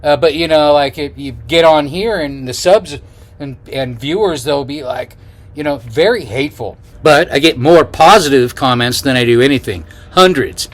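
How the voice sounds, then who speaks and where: A man's voice: medium pitch, moderate pace. A middle-aged man chatting casually to camera outdoors as a travel vlogger, rambling with many fillers and restarts. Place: outdoors on the road.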